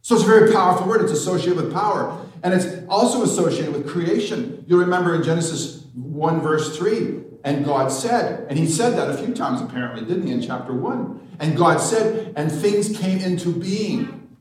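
A man preaching a sermon, putting rhetorical questions to the congregation and slowing down for emphasis. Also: high voice, animated, darkish tone, a little hiss or hum. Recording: echoey room, mic at a distance.

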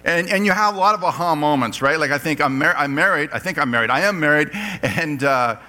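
A man's voice: on the high side, brisk, bright, forceful tone, faint music behind. A man preaching a sermon in church, reading scripture aloud and joking with his congregation. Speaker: pastor.

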